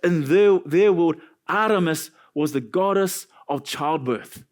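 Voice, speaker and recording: A male pastor preaching a sermon in a church, animated and joking between points. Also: on the high side, takes it slowly. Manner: animated preaching with jokes and asides.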